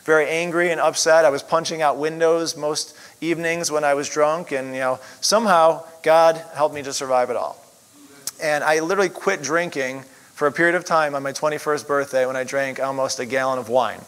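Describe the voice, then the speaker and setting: Man, middle-aged, higher pitch, rambling, casual personal story. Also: fairly even intonation, a little fast, fairly bright tone, smooth, rough recording. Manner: rambling, lots of "you know" fillers. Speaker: chiropractor sharing testimony.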